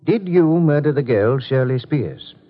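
An actor playing a calm, authoritative detective in a 1950s radio drama, probing and measured. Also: male voice, medium pitch, breathy edge. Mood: firm. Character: calm, authoritative middle-aged male detective. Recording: muffled 1950s radio broadcast.

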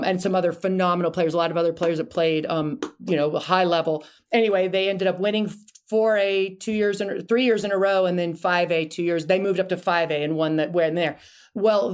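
A middle-aged woman, a podcast guest, telling stories in a chatty, animated way with many restarts and asides. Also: medium pitch. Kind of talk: casual interview storytelling.

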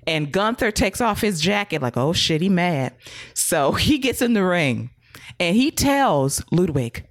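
A woman hosting a wrestling podcast in casual chat, telling stories in a lively, laughing, profane way. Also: on the low side, unhurried, no echo.

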